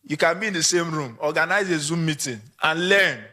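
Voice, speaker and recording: High, bright-voiced Nigerian man speaking. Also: brisk. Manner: animated, acts out short quoted examples. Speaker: conference speaker. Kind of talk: conference talk to photographers.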